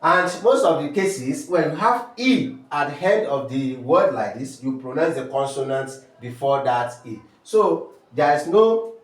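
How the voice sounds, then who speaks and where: A man's voice: a little high, lively intonation, far from the mic. A man with a Nigerian accent teaching French sounds step by step, repeating terms and asking rhetorical questions. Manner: slow, repetitive drilling with rhetorical questions. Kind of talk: step-by-step language lesson. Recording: echoey room, voice from off-mic.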